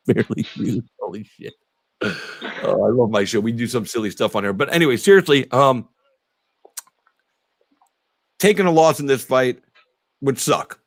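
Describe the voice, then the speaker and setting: A man's voice: medium pitch, normal speed, no echo. Rambling, cursing male podcast host. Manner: rambling, profane, laughs a lot. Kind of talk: casual interview.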